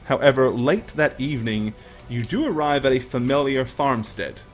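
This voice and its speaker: A man narrating a tabletop game as game master, relaxed and pausing with fillers. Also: medium pitch, soft background music.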